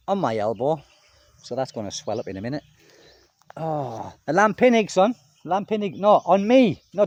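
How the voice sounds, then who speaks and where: Middle-aged expat man, chatty monologue outdoors, very lively pitch. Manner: chatty, rambling, addresses viewers as people. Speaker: expat vlogger. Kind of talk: casual talk to camera. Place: outdoors in a home garden.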